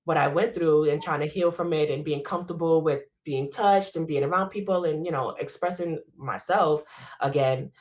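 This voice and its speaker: A woman's voice: low-pitched, moderate pace, darkish tone. Reflective woman talking earnestly. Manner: reflective, earnest, peppered with "you know". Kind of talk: casual chat.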